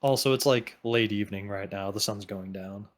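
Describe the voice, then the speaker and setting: A man's voice: fairly low pitch, moderate pace. A man running a tabletop game as game master, easygoing and hesitant with lots of filler sounds.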